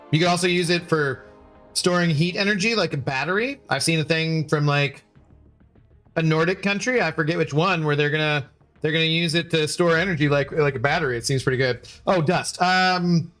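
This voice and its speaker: Man, streamer, a bit high-pitched, casual rambling chat, faint music behind. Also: fairly bright tone. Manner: rambling, playful, self-correcting. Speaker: livestreamer.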